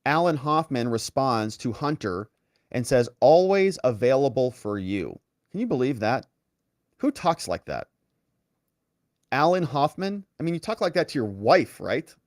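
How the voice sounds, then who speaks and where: A man's voice: mid-range voice, animated, measured pace, dry recording, clean studio sound. A man hosting online political commentary, walking through documents with sarcastic, incredulous asides. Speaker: legal commentary host.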